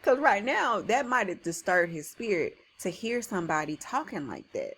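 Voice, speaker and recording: Animated woman teacher reading aloud. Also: mid-range voice, normal speed, a little hiss or hum. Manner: animated, slangy asides, soft reading. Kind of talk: reading a story aloud with commentary.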